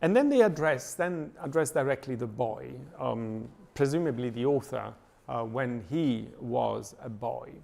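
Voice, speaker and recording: Halting man lecturing, gravelly voice. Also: medium pitch, expressive, a little mellow. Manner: thoughtful, many hesitations and fillers. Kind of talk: lecture reading and analyzing a poem. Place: church lecture.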